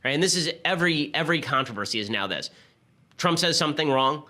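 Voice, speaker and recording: A man hosting a political commentary show, talking in a rapid, sarcastic, argumentative way. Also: fairly high pitch, expressive, pushed and bright. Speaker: host.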